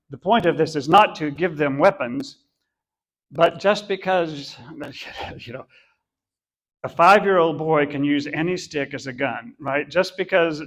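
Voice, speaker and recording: A man's voice: fairly high pitch, fairly bright tone. A middle-aged man teaching a church class of adults in a conversational, self-deprecating and humorous way.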